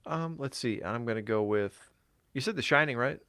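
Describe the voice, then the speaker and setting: A man's voice: medium pitch, normal speed, pushed and bright, clean tone. A man co-hosting a casual podcast, rambling and swearing freely with lots of fillers, his voice tired from talking all day. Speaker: podcast co-host.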